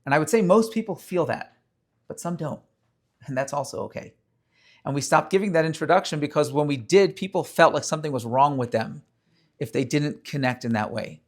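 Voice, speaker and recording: A rabbi giving an earnest, story-filled inspirational talk to a gathering during a prayer service. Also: male voice, on the high side, animated, brisk. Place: room with a live audience.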